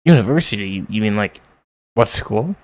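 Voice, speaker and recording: A man casually reading a manga aloud, reading out the character lines, commenting and laughing as he goes. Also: lowish voice. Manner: reads character lines in quick voices and laughs often; excited outbursts. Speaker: manga reader. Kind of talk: casual read-along with commentary.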